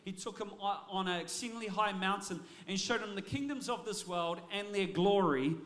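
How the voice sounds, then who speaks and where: A man preaching a sermon as a pastor, energetic and often repeating words as he restarts his phrases. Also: high-pitched, normal speed.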